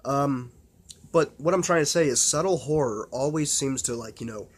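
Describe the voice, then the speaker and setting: A man's voice: medium pitch, normal speed, breathy edge. Man, mid-range voice, unscripted vlog chat: rambling, filler-heavy, profane, eager. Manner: rambling, full of fillers and restarts; blunt and profane. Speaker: horror film vlogger. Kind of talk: casual unscripted film talk.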